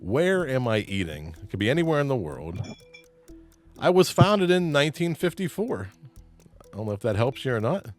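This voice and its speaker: A man with a mid-range, highly animated voice hosts a trivia game show at a moderate pace, reading clues and teasing contestants with easy laughter. His pitch rises and dips constantly, and he's playful, laughing often and joking with the players while faint music plays behind him.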